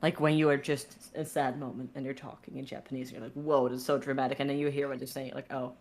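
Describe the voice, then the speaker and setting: A woman's voice: extremely low pitch, level tone, fast talker, a little mellow. A young Dutch woman with a Dutch accent, chatting casually as a podcast guest and laughing often. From Netherlands. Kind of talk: casual chat.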